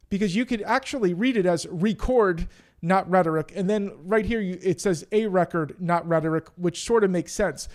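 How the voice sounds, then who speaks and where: High-voiced man giving wry marketing commentary. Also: darkish tone. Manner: blunt, wry, with frequent restarts. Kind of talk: casual video commentary.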